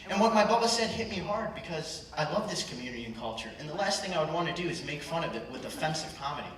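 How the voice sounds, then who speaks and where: A man's voice: a little high, lively intonation, quick pace, fairly bright tone. A young man in his twenties performing stand-up comedy, working the crowd with punchy, ironic delivery. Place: large hall at a live culture show. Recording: echoey hall, far from mic, crowd noise. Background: audience reactions and hall ambience.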